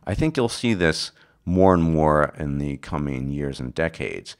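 A hoarse man with an extremely low, rumbling voice talks through a lecture for an online video. He speaks off the cuff, stopping and restarting phrases as he corrects himself and works toward the right wording. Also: lively intonation. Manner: halting, with frequent restarts and self-corrections. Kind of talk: unscripted explanatory talk.

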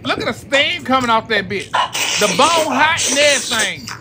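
A streamer doing casual reaction commentary, swearing freely and shouting questions back at the screen. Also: high voice, lively intonation, normal speed, loud music behind the voice. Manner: profane, exclaiming, talking back to the screen. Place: home streaming setup. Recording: noisy stream mic.

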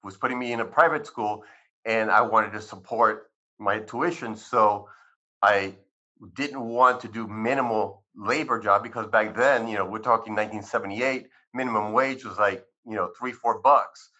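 Bright-voiced man telling his life story. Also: fairly low pitch, moderate pace. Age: 50s. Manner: animated storyteller who acts out dialogue. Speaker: physician guest. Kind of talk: personal storytelling in an interview. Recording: dull lo-fi sound.

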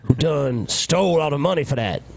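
A man's voice: a little high, animated, moderate pace, creaky. A man co-hosting a podcast, chiming in with sarcastic jokes. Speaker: podcast co-host.

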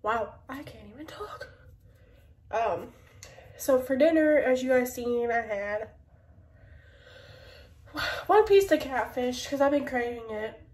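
A woman vlogger talks casually in her kitchen, her nose stuffed up from a cold. She rambles along with sighs and small laughs. Her voice is a little high, and it comes from a bit away from the mic in an echoey room. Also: expressive, slow, pauses often, darkish tone, far from the mic. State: congested nose. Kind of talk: casual vlog chat. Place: kitchen at home.

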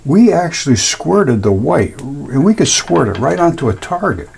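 A man's voice: on the high side, sing-song, moderate pace, vocal fry, a little mellow, a little hiss or hum. A man presenting his own physics ideas in a casual explanatory talk, folksy and emphatic, acting out sounds with repeated words. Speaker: presenter of fringe science videos.

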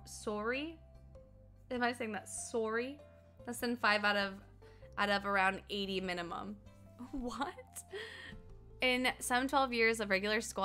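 Giggly twenty-something gal chatting with her stream, super bright tone, pitch right in the middle. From Colorado, United States. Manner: chatty, laughs often, reads chat aloud and answers. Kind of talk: casual chat while gaming.

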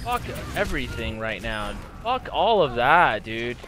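Over music, a very animated young man with a medium-pitched voice hosts gameplay commentary on his gaming channel. He's profane throughout and snaps into fits of angry frustration.

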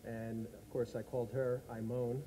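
A man's voice: mid-range voice, little pitch movement, normal speed, mellow, a little hiss or hum, rough recording. An American man as a chat show guest, genially and patiently explaining his odd talent. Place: studio with live audience.

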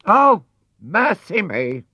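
A man's voice: mid-range voice, expressive, a little slow, sharp tone, breathy edge, no room sound, highs cut off, pitched above the performer's own voice, heavily acted. A man voicing a stern, fussy middle-aged female housekeeper who exclaims a lot. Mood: alarmed.

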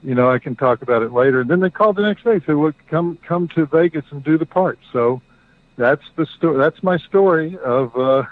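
A middle-aged man telling a story as a guest, halting, with many fillers and restarts. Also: on the high side, lively intonation, no echo. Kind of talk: casual storytelling. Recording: dry tinny phone-like line.

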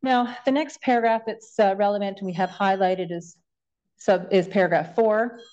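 A woman lawyer making a formal closing submission in court, reading passages aloud from documents in a measured way. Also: medium pitch, fairly even intonation, darkish tone, dull audio. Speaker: government lawyer.

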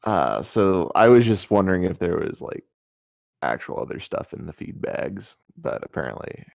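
A man playing in a tabletop game, talking in a relaxed, rambling, wry way. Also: sits low, moderate pace, gravelly, no room sound. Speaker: player. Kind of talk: casual tabletop play.

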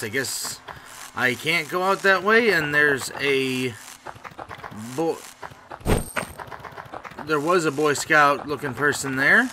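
A man's voice: mid-range voice, noisy background. A young man giving casual, rambling, joking gameplay commentary as a let's play host. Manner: rambling, joking, bursts of loud excitement.

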